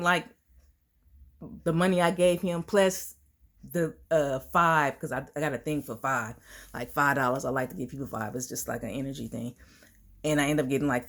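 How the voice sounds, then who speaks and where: Lady vlogger with a deep low voice, chatty and laughing, talks like she's with friends. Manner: chatty storytelling, laughs often, slangy. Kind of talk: casual monologue to viewers.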